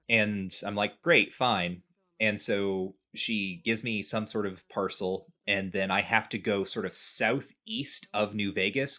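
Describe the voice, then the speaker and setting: A man casually recounting a video game playthrough to a co-host, briefly acting out the characters' lines. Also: lowish voice. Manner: relaxed storytelling, acts out characters' lines. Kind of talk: casual chat.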